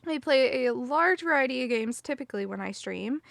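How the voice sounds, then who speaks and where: A woman's voice: sits high, expressive, fairly quick, creaky, fairly bright tone, no room sound, clean studio sound. A woman in her twenties hosting a charity livestream, chatty and upbeat, often saying "dude". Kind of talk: casual livestream chat.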